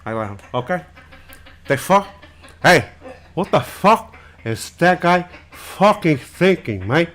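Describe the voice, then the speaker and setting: A man's voice: a little high, very animated, quick pace, hardly any pauses, fairly bright tone. Man doing a cursing tough-talking gangster. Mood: blustering. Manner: cursing, tough-guy bluster. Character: brash, foul-mouthed male movie gangster, middle-aged.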